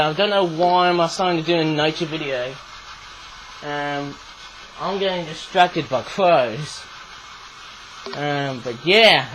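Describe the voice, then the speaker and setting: A man reviewing toys in a rambling, chatty way, with a frog in his throat that makes him clear it often. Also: a little high, a bit bright, a little hiss or hum, rough recording. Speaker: toy reviewer. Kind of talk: casual video review.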